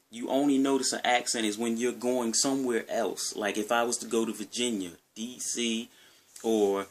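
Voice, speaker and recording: A man with a Maryland accent talking casually to his viewers in a rambling, conversational way, often repeating himself. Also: mid-range voice. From Maryland, USA. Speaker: gaming vlogger. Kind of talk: casual talk to camera.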